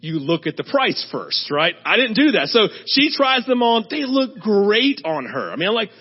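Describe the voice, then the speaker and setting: A middle-aged male pastor delivers a chatty, conversational sermon at a church service, telling stories and frequently asking "right?". His voice is high, slightly rough and very animated, moving at a normal speed. The sermon audio sounds dull and lo-fi.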